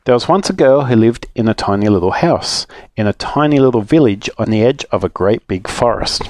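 A man with an Australian accent, reading a children's story aloud as a storytelling dad, with an expressive read-aloud manner. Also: medium pitch, fairly quick, no echo.

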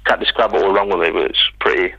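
A man's voice: sits low, quick pace, gravelly, sharp tone, slightly rough, no echo, highs cut off. A man, a writer guest in a casual interview, rambling and restarting as he tells stories. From England. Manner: rambling, self-interrupting storyteller.

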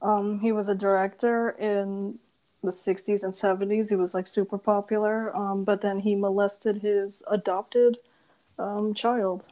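A young woman hosting a casual podcast chat, animated and quick to laugh, her talk full of "like". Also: medium pitch. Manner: animated, laughs often, fillers like "like". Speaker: podcast host.

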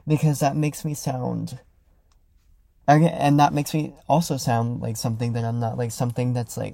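A young man hosting a casual solo podcast, talking loudly and rambling with lots of fillers as he reflects. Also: medium pitch, lively intonation, normal speed, vocal fry, no room sound. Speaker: podcast host. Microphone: close studio mic.

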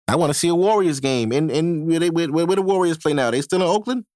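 A man's voice: a little high, fast talker, darkish tone, no room sound, studio quality. A man hosting a casual solo podcast, talking in loose, profane street slang and laughing often between thoughts. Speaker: podcast host. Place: home podcast setup in New York.

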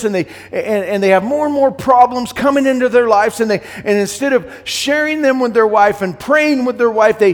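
A middle-aged man preaching a sermon to men, earnest and plain-spoken, often repeating words as he goes, sometimes loud and sometimes hushed. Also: very high voice, big-room sound. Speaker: pastor.

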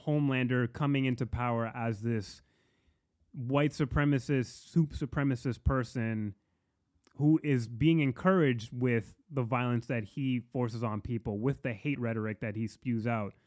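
Male podcast co-host, mid pitch, casual and profane, laughs a lot. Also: a little slow. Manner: animated, laughs often, profane. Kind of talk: casual review chat.

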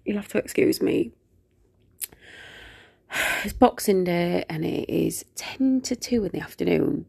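Unwell woman, casual chatty monologue, gravelly fry, slips into whispers. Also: on the low side, animated, measured pace, long pauses, a little mellow. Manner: rambling, chatty, often drops to a whisper. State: unwell with a virus. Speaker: podcaster.

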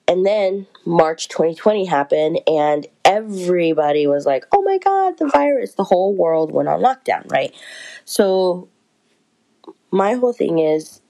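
Woman vlogger, lower pitch, casual rambling storyteller with self-deprecating humor. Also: a little mellow, low-quality recording. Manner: rambling, chatty, self-mocking.

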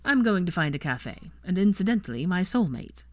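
A woman voicing an aloof young wizard with a dry, deadpan way of talking. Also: lowish voice, moderate pace, no room sound. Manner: drawling, deadpan, teasing.

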